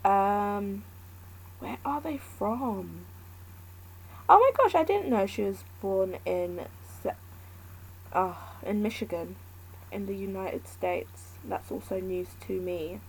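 A woman's voice: mid-range voice, lively intonation, takes it slowly, creaky, a little hiss or hum, poor audio. A woman talking alone in a casual, candid chat, thinking aloud and rambling between points.

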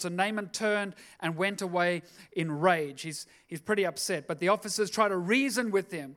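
A man's voice: high voice, normal speed, hardly any pauses, fairly bright tone. A man preaching a sermon, telling a scripture story with casual, jokey asides. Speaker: pastor.

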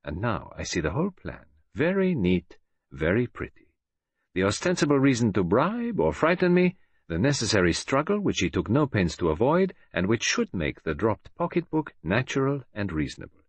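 A man voicing a precise, self-assured older male detective who speaks in a gentle, measured way. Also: on the low side, wildly swooping pitch, husky, no echo, full character voice. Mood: musing.

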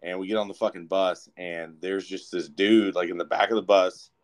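Low-voiced young man telling a rambling story. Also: moderate pace. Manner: profane, rambling, animated. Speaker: podcast co-host. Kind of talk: casual storytelling.

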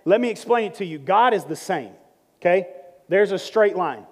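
At a moderate pace, a pastor with a high, bright-pitched voice preaches in the church sanctuary, alternating gentle prayer with teasing his congregation. His sermon is lively and joking, mixing prayer with teaching as a long reverb rings through the hall.

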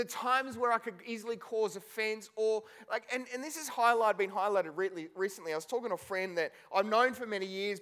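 A man's voice: sits high, fairly bright tone. A man preaching a sermon as pastor, telling a personal story with emotion, tearful and laughing at moments.

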